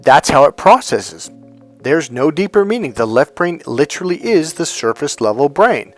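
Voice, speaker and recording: A middle-aged man from California giving a blunt, profane, animated dating-coaching talk. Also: a little high, moderate pace, faint music behind. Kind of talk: emphatic coaching monologue.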